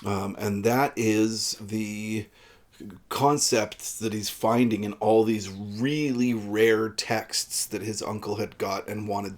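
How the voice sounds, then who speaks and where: A man with a somewhat low voice talks through a book in a relaxed, rambling way. He often stops on "uh" as he goes. He sounds like a book reviewer chatting casually to a camera. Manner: relaxed, rambling with frequent uhs.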